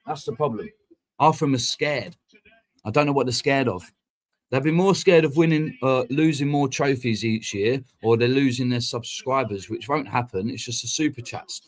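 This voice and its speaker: A man, talking straight into a streaming mic. He rants in a heated, sweary, rapid-fire way, piling one point onto the next and swearing freely, at a middling pitch for a man. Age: 40s. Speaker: fan channel host. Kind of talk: casual live-stream rant.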